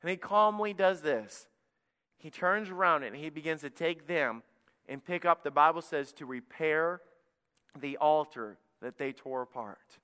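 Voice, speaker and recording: Male pastor, sermon delivery, bright and crisp tone, higher-pitched, long church reverb. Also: unhurried. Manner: preaching with surges of loud emphasis. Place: church sanctuary.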